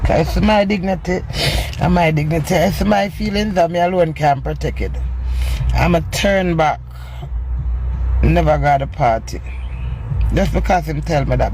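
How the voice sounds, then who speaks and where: A middle-aged woman speaking in Jamaican Patois, telling a personal story in a casual monologue. She is animated and swings between loud outbursts and low murmurs. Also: unhurried, creaky, long pauses, a little hiss or hum. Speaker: social media personality.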